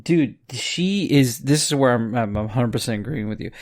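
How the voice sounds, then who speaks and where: A man's voice: mid-range voice, moderate pace. Worked-up ranting male podcast host. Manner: animated, swearing, worked-up ranting. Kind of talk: late-night casual rant.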